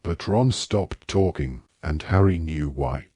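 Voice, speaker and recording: A man narrating an audiobook in a steady, even reading voice. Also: extremely low pitch, takes it slowly, breathy edge, no echo. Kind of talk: scripted narration.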